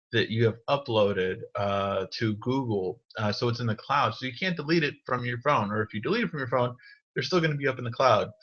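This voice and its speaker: A man's voice: medium pitch, fairly bright tone. A man hosting a live tech Q&A, casually answering viewer questions with many ums and restarts. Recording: dull lo-fi stream audio.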